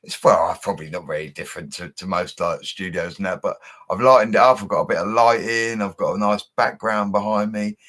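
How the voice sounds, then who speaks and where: This young bricklayer hosts a casual livestream from a home setup he calls a studio. His voice is lowish, a little fast and a bit bright, and he reads viewer comments in a laid-back, slangy way.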